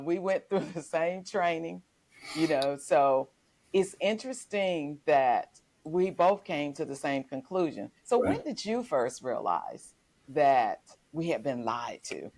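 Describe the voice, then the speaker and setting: Woman talk show host, deep voice, gravelly edge, measured friendly questions. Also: lively intonation, darkish tone, no room sound. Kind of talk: hosting a health talk show.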